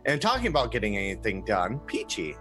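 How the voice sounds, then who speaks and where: Joking man with a lowish voice. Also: huge pitch swings, fairly quick, pushed and bright, faint music behind. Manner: joking, chatty. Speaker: player. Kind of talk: casual chat.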